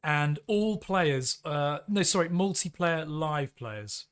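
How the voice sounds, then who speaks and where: A man's voice: fairly high pitch, lively intonation, takes it slowly, a bit bright, clean tone. An English man hosting a live flight simulator stream, upbeat and chatty, laughing often and coaxing viewers into the chat.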